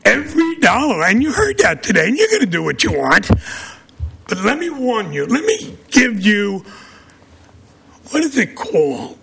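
Combative Brooklyn man with a gravelly voice. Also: high-pitched, wildly swooping pitch, normal speed, a bit bright, slight background noise. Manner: combative, blunt, scolding. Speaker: public commenter at a city council meeting. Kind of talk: public testimony. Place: city council chamber.

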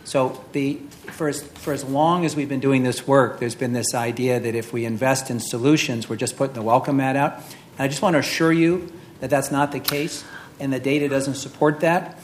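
Male city official, mid-pitched voice, measured and insistent at a hearing. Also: steady tone, a little hiss or hum.

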